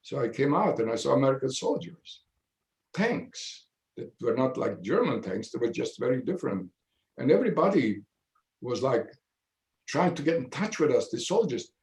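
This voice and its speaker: Elderly man with a mother tongue, halting. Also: mid-range voice, very animated, darkish tone, roomy sound. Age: 90s. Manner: halting, measured storytelling with many pauses. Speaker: Holocaust survivor speaking to students. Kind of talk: personal testimony in a video Q&A. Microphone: video call.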